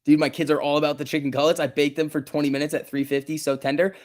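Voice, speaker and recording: Talking very fast in a fairly high, level-toned voice, a man with a New Jersey accent hosts a laid-back stock market livestream, laughing often as he reads chat and shares stories.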